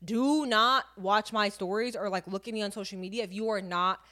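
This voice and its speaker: A woman's voice: medium pitch, fairly even intonation, a little fast, sharp tone. A woman in her twenties, a podcast co-host, talking candidly and telling a personal story with lots of fillers. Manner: chatty, filler-heavy, vivid storytelling. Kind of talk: candid casual chat.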